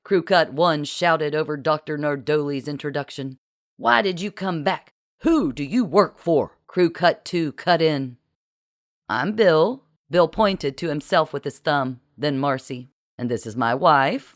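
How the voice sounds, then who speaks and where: A narrator reading a comic science-fiction story with brisk, comic storytelling. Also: medium pitch, a bit bright. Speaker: audiobook narrator. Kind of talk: scripted narration.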